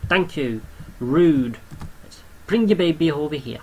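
A man's voice: on the high side, expressive, unhurried, slightly rough, low-quality recording. A young man giving casual gameplay commentary, chatting to the creatures on screen and swearing offhandedly. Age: young adult.

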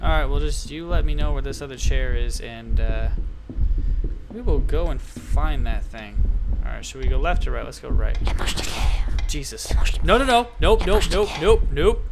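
A man's voice: mid-range voice, normal speed, vocal fry, background noise. A young man commenting nervously on a horror game, muttering and repeating nope again and again. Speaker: gaming YouTuber.

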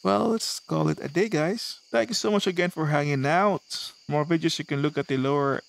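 A man's voice: a little high, normal speed, gravelly. A man giving casual, self-deprecating let's-play commentary, chatty and rambling. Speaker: gaming video host.

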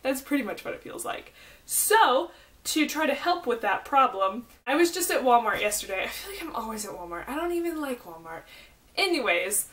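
This is a young woman with a Southern American accent chatting to her camera. She rambles happily from one side note to the next, full of fillers. Her voice sits somewhat high. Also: fairly bright tone. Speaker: pregnancy vlogger. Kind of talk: casual chat.

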